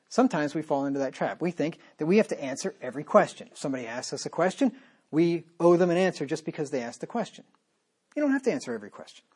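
A man's voice: fairly high pitch, darkish tone, slightly rough. A man preaching a sermon, reading scripture aloud and then explaining it plainly in a conversational way, often checking in with "right?". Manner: conversational, with frequent "right?" and "you know". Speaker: pastor.

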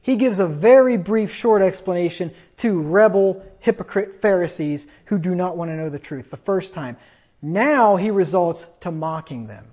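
Fiery high-voiced man preaching. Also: lively intonation, normal speed, warm tone, dull audio. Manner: fiery, mocking, reads scripture aloud. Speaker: pastor. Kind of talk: sermon.

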